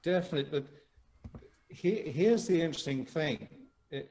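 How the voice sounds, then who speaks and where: A man's voice: on the high side, moderate pace, darkish tone, low-quality recording. A man with a New Zealand accent, telling a rambling anecdote as a talk-show guest over a video call and laughing as he goes. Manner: rambling storyteller, laughs often, many restarts. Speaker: guest actor.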